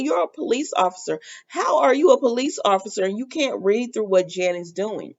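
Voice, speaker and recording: A woman's voice: fairly high pitch, animated, normal speed, hardly any pauses, a little mellow, dull audio. A woman hosting a casual soap opera recap, chatty and opinionated, with lots of fillers.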